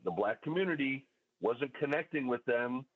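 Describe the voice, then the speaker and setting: A man's voice: mid-range voice, lively intonation, moderate pace. A man calling into a radio talk show, laying out his points methodically with frequent fillers. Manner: methodical, lays out points in order, with many fillers. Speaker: caller. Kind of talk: call-in radio commentary. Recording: phone-line caller audio.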